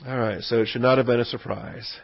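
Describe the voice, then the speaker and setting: A man's voice: mid-range voice, steady tone, fast talker, gravelly. A man teaching a verse-by-verse Bible study in a conversational way, often repeating words and checking in with "okay?". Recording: dull lo-fi recording.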